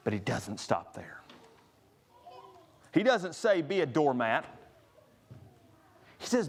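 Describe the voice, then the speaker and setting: A man's voice: a little high, wildly swooping pitch, takes it slowly, long pauses. A man preaching a sermon, earnest, rising to stress each scripture he quotes. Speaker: pastor.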